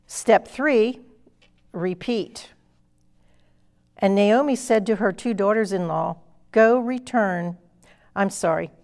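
A woman's voice: mid-range voice, slow pace, vocal fry, long pauses, darkish tone. A woman preaching a sermon, earnest and emphatic, reading scripture aloud and explaining it to a congregation.

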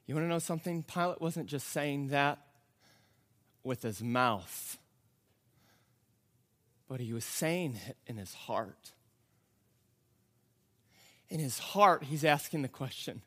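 A male pastor preaching a sermon, acting out the scenes and swinging between loud outbursts and hushed, slow passages. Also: medium pitch, lively intonation. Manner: dramatic, acts out the crowd, swings from loud to hushed.

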